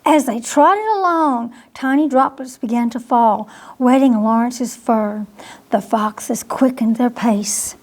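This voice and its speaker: A woman librarian reading a bedtime picture book aloud to children, gently, pausing to ask them questions. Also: on the high side. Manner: slow, gentle, asks the listeners questions.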